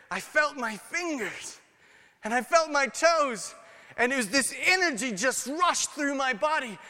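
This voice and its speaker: A former leper, once an outcast and now grateful, tells his tale in earnest, voiced by a man. The voice sits high and sharp-edged, dropping to a hush and then rising to exclaim. A long reverb trails behind it. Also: full character voice. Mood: joyful. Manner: earnest storyteller, swings between hushed and exclaiming. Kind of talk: dramatic first-person monologue.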